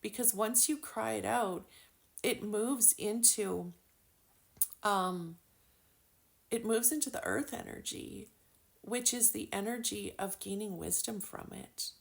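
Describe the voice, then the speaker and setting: A woman's voice: mid-range voice, takes it slowly, creaky, pauses often. A woman giving a casual spiritual lesson with oracle cards, chatty and full of fillers, swearing now and then. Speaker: spiritual card reader.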